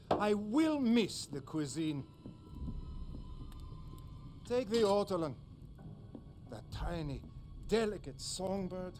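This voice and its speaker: An actor playing a sadistic, mocking German commander with a German accent in a video game cutscene. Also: male voice, a little high, darkish tone, heavily acted. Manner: slow, silky, taunting, drawn-out words. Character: sadistic male German commander, middle-aged, cold and mocking. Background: game score music.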